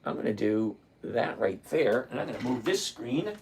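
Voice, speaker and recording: A man, hosting a casual trading livestream and chatting with viewers by name, relaxed and quick to laugh. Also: medium pitch, vocal fry, slight background noise. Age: 60s. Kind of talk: casual livestream chat reading viewer comments.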